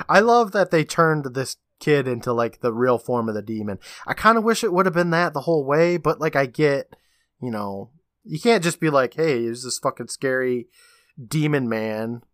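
A man's voice: medium pitch, animated, normal speed, fairly bright tone, no echo, studio quality. A man co-hosting a podcast, animatedly retelling a TV episode in casual chat and laughing often. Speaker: podcast co-host.

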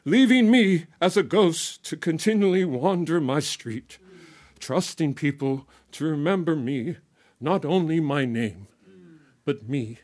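A man playing the ghost of a merchant who died at thirty-eight, delivering a solemn, measured, proud monologue in dramatic storytelling style. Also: fairly high pitch, animated, a little mellow, voice pushed up. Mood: solemn, wistful.

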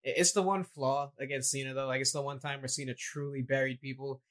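Male co-host, opinionated and rambling, average pitch, shrugs things off in casual chat. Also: fairly even intonation, quick pace, fairly bright tone, low-quality recording. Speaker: podcast co-host. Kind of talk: casual wrestling discussion.

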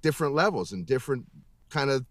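A voice actor, guesting on a casual interview over video call, talks fast in a mid-range voice with lively intonation. He's emphatic and profane, swearing heavily and rambling with restarts, and there's no echo.

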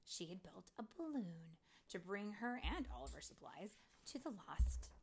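A young mother reading a storybook aloud to her child, often dropping to a hushed whisper. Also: mid-range voice, sing-song, normal speed, slight background noise.

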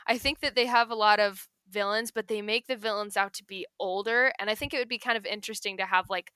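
A woman guest who does character voices, talking casually and thoughtfully with fillers and soft laughs. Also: mid-range voice, fairly even intonation, fast talker, clear, resonant tone, dry recording. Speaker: voice impressionist guest. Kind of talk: casual interview chat.

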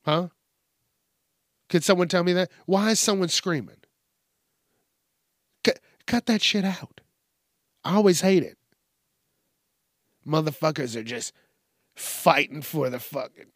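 Male podcast host, early-morning rasp, profane and animated solo rant, dry close mic. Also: measured pace, long pauses, no room sound. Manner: profane, animated, mimics people in high yelps.

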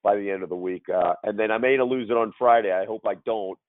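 Man losing his voice over a tinny line. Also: lowish voice. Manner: halting, repeats words. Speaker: podcast guest. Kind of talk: casual sports chat.

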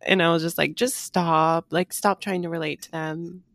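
A woman's voice: on the low side, fairly even intonation, normal speed, a bit bright, dry recording, studio quality. A young woman co-hosting a casual chat, emphatic and slangy in her opinions. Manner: chatty, emphatic, fond of slang. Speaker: podcast co-host. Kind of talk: casual chat reviewing a reality show.

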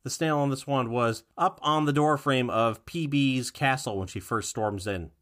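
A man co-hosting a podcast, casually recapping a cartoon episode in a relaxed way, with fillers and restarts. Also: medium pitch, moderate pace. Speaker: podcast co-host.

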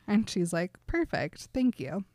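A woman's voice: medium pitch, measured pace. A woman chatting casually, retelling scenes in quoted dialogue and laughing often. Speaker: podcast co-host recapping a book. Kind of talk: casual chat.

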